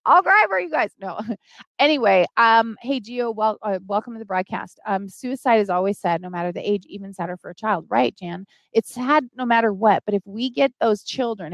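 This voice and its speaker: A woman's voice: medium pitch, dry recording, clean studio sound. A middle-aged woman hosting a live stream, earnestly pleading with viewers for help and greeting them by name as she talks.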